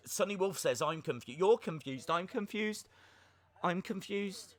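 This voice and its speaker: A young man hosts a live wrestling watch-along as a livestream host, reacting and chatting excitedly. His voice sits high at a measured pace, and he rambles and gets flustered while reading viewer comments.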